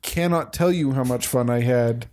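A young man hosting a podcast with friends, chatting casually, rambling excitably and laughing often. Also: mid-range voice, moderate pace. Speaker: podcast host. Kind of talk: casual chat.

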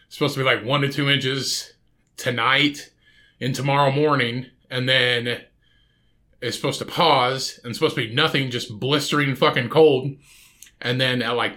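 A man rants through a solo podcast episode. His voice is bright and forward, and he drifts from story to story, swearing freely and casually the whole way. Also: mid-range voice. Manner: profane, rambling, swears constantly. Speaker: podcast host.

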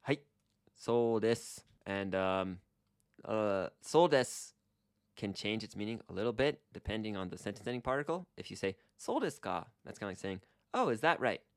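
Casual male podcast co-host, low voice, relaxed, dry close mic, models phrases slowly. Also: dry recording. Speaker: Japanese language co-host.

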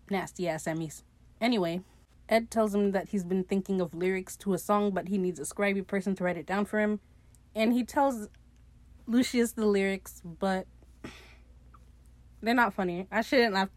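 A woman's voice: medium pitch, normal speed, long pauses, no room sound. A young woman casually recapping a TV episode on her podcast, chatty and sarcastic, swearing freely and laughing at her own jokes.

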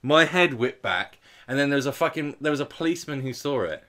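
A man's voice: mid-range voice, animated, fairly quick, pushed and bright. A young man, telling a short story in casual chat, understated and dry.

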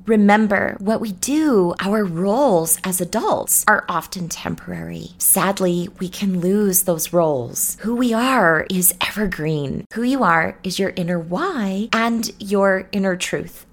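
A woman's voice: medium pitch, expressive, measured pace, hardly any pauses. Playful, encouraging woman podcast host. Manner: playful, encouraging, speaks straight to the listener. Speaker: podcast host and meditation teacher. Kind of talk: solo podcast talk.

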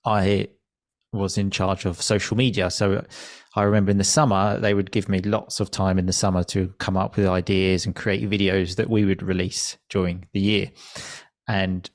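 A man's voice: deep voice, moderate pace, no room sound, clean studio sound. A man who teaches English, telling a story in an easy, rambling conversational way. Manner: relaxed, anecdotal, with fillers like "like".

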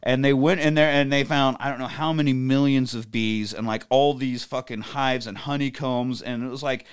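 A man telling a story in casual podcast chat, animated and profane, acting out other voices. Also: medium pitch, normal speed, clean tone. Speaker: podcast co-host.

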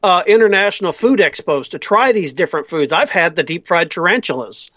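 Middle-aged man, high pitch, lo-fi dry sound, casual podcast storyteller. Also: expressive, brisk, sharp tone, no echo. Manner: storytelling, acts out quoted voices. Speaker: podcast guest. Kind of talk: casual chat. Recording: dull, lo-fi sound.

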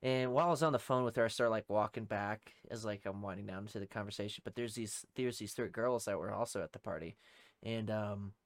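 A man's voice: on the low side, fairly quick, dry recording, studio quality. A young man, a podcast co-host and former Army private, telling a story in a casual, profane, rambling way and laughing through it.

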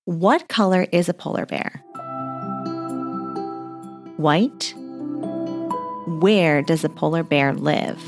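Slow, gentle woman guiding mindfulness. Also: low-pitched, music in the background. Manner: gentle, leads breathing and movement exercises. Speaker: host of children's mindfulness podcast. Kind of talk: guided mindfulness story for children.

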